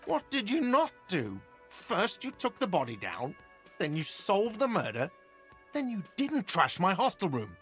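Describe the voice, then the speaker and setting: A man's voice: high-pitched, huge pitch swings, unhurried, a bit bright, soft background music, exaggerated voice. A man voicing a sarcastic, exasperated hostel manager in a video game.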